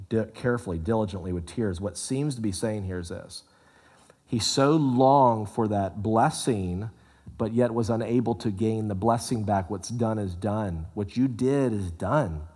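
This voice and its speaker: A man preaching a sermon, animated, swinging from loud exclamations to hushed, low asides. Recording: long hall reverb.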